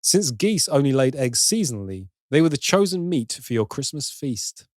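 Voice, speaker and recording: This man's mid-range voice is very animated and moves at normal speed, captured dry in a clean studio. Co-hosting a casual podcast, he reads out trivia facts and then cracks jokes, swearing casually as he goes.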